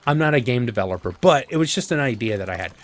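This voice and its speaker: A man casually commenting on his gameplay, thinking aloud with relaxed fillers. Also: mid-range voice, fast. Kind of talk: casual let's-play commentary.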